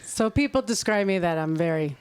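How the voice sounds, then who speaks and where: A middle-aged woman, a podcast guest, telling a work story in a lively, animated way and laughing often. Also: lowish voice, fairly quick, clear, resonant tone, dry recording. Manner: animated, acts out quoted voices, laughs often. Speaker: podcast guest, nonprofit CEO. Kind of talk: conversational storytelling.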